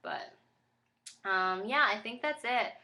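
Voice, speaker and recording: Chatty woman with a bright voice. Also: on the high side, expressive, takes it slowly. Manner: rambling and chatty, with many fillers; apologetic, tired and flustered. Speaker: vlogger. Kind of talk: casual pregnancy update vlog.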